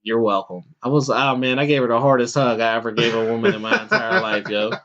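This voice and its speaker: A man co-hosting a podcast, telling stories in a casual, animated, slangy way. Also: medium pitch, fast, over a noisy crowd. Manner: animated, slangy, says "yo" a lot. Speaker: podcast co-host. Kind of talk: casual chat, storytelling. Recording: dull lo-fi podcast audio.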